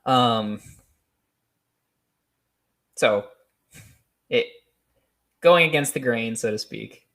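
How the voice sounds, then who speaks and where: A man hosting a solo show, talking off the cuff in a rambling, hesitant way with many pauses, restarts and small laughs. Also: mid-range voice, fairly bright tone. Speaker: podcast host. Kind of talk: unscripted solo commentary.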